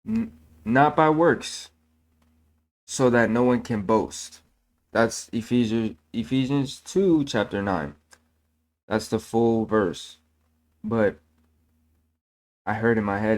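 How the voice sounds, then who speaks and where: A man's voice: on the low side, slow pace, long pauses, darkish tone. A man giving a casual, earnest faith talk, repeating himself and correcting his own slips as he goes. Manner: earnest, repetitive, preachy; self-correcting, fillers like "man". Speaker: channel host sharing faith.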